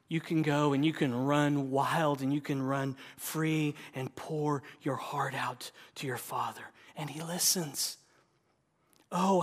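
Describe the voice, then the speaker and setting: A man preaching a sermon to a congregation in a church. He swings from hushed, near-whispered lines to loud emphatic bursts, using repetitive rhetorical cadences and direct questions to the listeners. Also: on the high side. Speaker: pastor. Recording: long reverb of a large hall.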